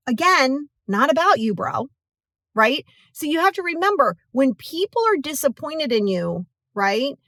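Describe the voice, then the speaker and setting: Woman, podcast host, higher-pitched voice, casual motivational talk, animated, dry close sound. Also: measured pace, dry recording. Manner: animated, acts out quoted voices; casual, filler-heavy, checks in with "right?".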